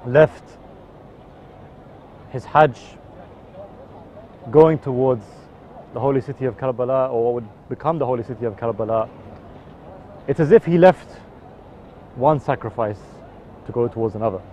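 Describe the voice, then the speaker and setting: A man explains and then recites a mournful devotional poem, his voice swelling on cries and dropping soft at line ends. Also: medium pitch, moderate pace, pauses often, slight background noise. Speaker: religious poetry reciter. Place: outdoors in a city. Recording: dull, muffled outdoor recording.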